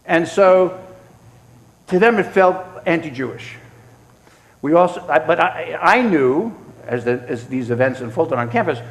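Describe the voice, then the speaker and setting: Animated man speaking in a reverberant hall. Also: on the high side, a little slow. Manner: animated storyteller, acts out quotes, frequent restarts. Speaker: award recipient answering audience questions. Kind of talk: conversational Q&A talk. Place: synagogue event hall.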